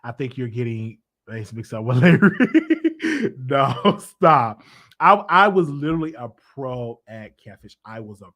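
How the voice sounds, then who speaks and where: A man's voice: medium pitch, expressive, a little slow, fairly bright tone. A man hosting a live call-in show, talking casually and animatedly, often restarting and repeating his phrases. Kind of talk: casual live-stream chat with callers.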